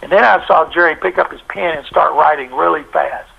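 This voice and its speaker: A man, a sportswriter, telling a story in a lively way and acting out the voices of the people in it. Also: fairly high pitch, brisk, vocal fry, few pauses, slightly rough, highs cut off. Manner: animated, acts out quoted voices. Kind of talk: anecdotal storytelling.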